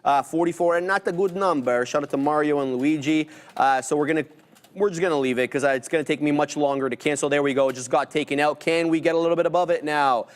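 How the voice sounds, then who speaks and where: Dude calling out his orders live, jokey and relaxed, bit higher voice. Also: fast. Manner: joking, relaxed banter while placing orders. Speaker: trading show co-host. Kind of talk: live trading commentary.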